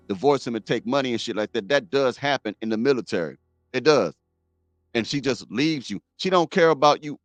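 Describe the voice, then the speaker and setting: A middle-aged man talks straight at his audience in a blunt, preachy way, hammering his points home by repeating them. His voice sits at an ordinary pitch, and the sound is dry and close. Faint music runs underneath. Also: no echo. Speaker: host. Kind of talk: reaction commentary.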